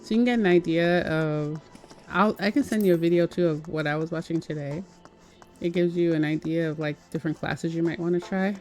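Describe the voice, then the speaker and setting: A woman's voice: on the low side, fairly even intonation, brisk, a little mellow. A woman in her forties chatting casually with her stream chat while gaming, giggly and explaining things to viewers. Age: 40s. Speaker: game streamer.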